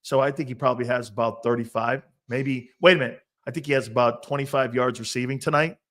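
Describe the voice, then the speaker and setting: A man in his fifties talking football as a guest on a casual sports show, brash and joking, jumping between loud bursts and mutters. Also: medium pitch, fairly even intonation, quick pace. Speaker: guest analyst.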